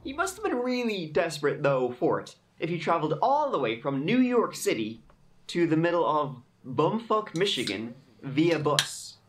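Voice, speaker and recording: A man's voice: fairly high pitch, very animated, moderate pace, a little hiss or hum. A man hosting a true crime podcast, telling the case in a conversational way with wry asides. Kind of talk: casual true crime narration.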